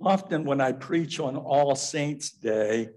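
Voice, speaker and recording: Slow-speaking male pastor preaching. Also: medium pitch, a little mellow, poor audio. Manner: reflective, personal storytelling. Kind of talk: sermon.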